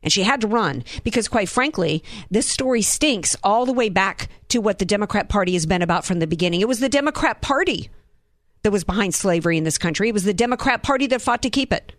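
A woman's voice: mid-range voice, lively intonation, fast, no room sound, clean studio sound. Indignant woman political commentator. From Southern United States. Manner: indignant, fires off rhetorical questions.

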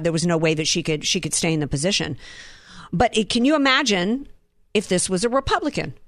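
A woman's voice: mid-range voice, a bit bright, no room sound. Woman from the Southern US, political commentator, indignant, rhetorical questions, dry close sound. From Southern United States.

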